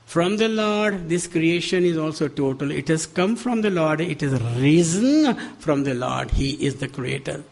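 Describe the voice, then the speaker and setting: Animated older Indian man telling stories. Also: a little high, unhurried, vocal fry, few pauses. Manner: animated storyteller, laughs often, acts out quoted dialogue. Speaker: guest speaker. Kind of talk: spiritual talk with storytelling. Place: devotional center hall.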